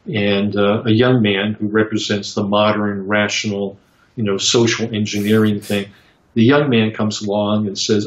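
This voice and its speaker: A man answering interview questions about psychotherapy in a halting, reflective way, with many fillers and restarts as he tells stories. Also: fairly low pitch, little pitch movement. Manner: reflective storytelling. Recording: roomy, dull lo-fi sound.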